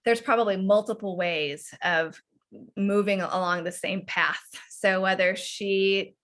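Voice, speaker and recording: Bright-voiced woman coach on a video call. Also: medium pitch, a little slow. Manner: animated, frequently acts out parent and child lines. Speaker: parenting coach leading a workshop. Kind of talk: online workshop teaching.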